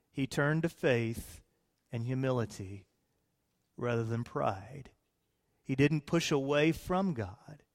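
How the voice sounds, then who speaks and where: A man preaching a sermon, retelling scripture with lively, playful asides to his congregation. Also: a little high, big-room sound. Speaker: pastor.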